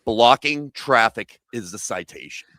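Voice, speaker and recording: A man, an activist guest, talking in a loud absurdist comedic way on a remote call, often breaking into shouted bits. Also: mid-range voice, expressive, measured pace, dry recording. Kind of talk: comedic interview chat.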